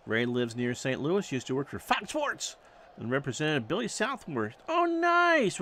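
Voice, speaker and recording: A man's voice: mid-range voice, fairly bright tone, slight background noise. A man calling baseball play-by-play, reading off stats with wry joking asides. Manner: stat-heavy calls with wry joking asides. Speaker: play-by-play announcer.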